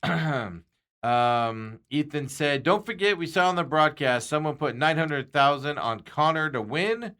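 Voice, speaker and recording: A man's voice: fairly high pitch, animated, moderate pace, pushed and bright. A man hosting a sports talk show, chatting casually and rambling with frequent chuckles.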